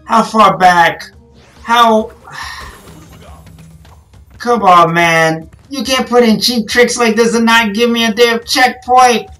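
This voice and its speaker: A young woman playing a video game and commenting, cursing and yelling at the screen in frustration. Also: on the high side, fairly even intonation, slow, long pauses, faint music behind. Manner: frustrated, swears a lot, yells at the game. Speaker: gaming channel host. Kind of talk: let's play commentary.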